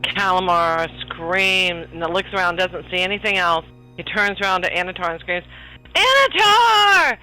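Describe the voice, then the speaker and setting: A man's voice: sits high, flat delivery, normal speed, pushed and bright, soft background music, low-quality recording. A man playing a tabletop game, narrating his character's actions in a rambling way, full of fillers. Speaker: player.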